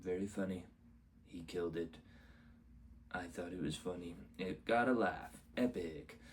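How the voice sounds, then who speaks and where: Deep-voiced rambling male comedian. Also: unhurried, slight background noise. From Canada. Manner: rambling, repeats "amazing", acts out quotes. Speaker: stand-up comedian vlogging. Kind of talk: casual rambling recap.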